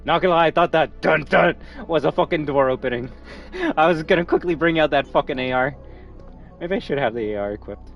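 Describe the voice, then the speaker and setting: A man's voice: a little high, a little fast, gravelly, highs cut off, faint music behind. A man streaming a game, chatting casually with nerdy asides and plenty of swearing. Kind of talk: casual gameplay commentary.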